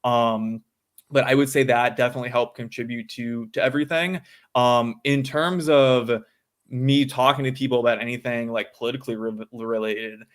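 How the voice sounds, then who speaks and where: A young man of nineteen speaks in a casual interview, in a mid-pitched voice. He fills his talk with lots of ums and likes. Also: fairly bright tone. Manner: filler-heavy, says "um" and "like" a lot. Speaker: guest, student activist.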